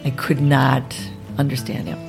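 A woman guest telling tour stories in a casual interview, with animated delivery. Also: very deep voice, unhurried, vocal fry, music in the background. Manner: animated storyteller, mimics voices.

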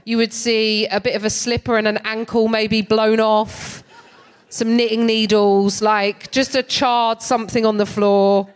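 English lady comic doing stand-up, wry and lively, laughing as she goes. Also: a little high, measured pace, clear, resonant tone. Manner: wry, animated comic delivery with frequent laughter. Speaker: comedian and co-host. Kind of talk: stand-up storytelling.

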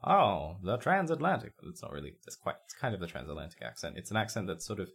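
Woman, very deep voice, animated intonation, casual podcast co-host, teasing, rambling. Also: fast talker, creaky, husky. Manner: playful, teasing, goes off on tangents. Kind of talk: casual worldbuilding chat.

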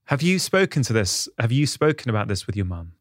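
A man's voice: medium pitch, very animated, brisk, no room sound, clean studio sound. A man hosting a podcast interview, probing his guests with questions and restating details back to them. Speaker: podcast host. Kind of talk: conversational interview.

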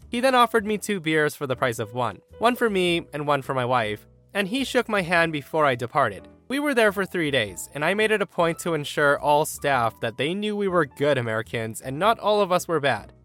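A man reading an online story aloud in an animated, emphatic way. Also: a little high. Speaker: story narrator.

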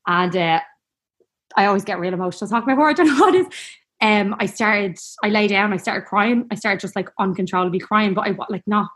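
A woman's voice: medium pitch, fast talker, fairly bright tone, breathy edge. A woman telling a personal story in a casual, rambling, heartfelt way. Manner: chatty, rambling, heartfelt, peppered with "like".

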